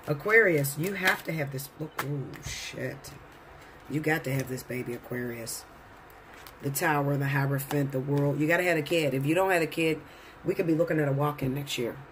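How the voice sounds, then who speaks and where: Tarot guy talking straight at the camera, swears a lot, kinda high voice, light background noise. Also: normal speed. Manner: blunt, profane, preachy. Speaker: tarot reader. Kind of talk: casual tarot reading to camera.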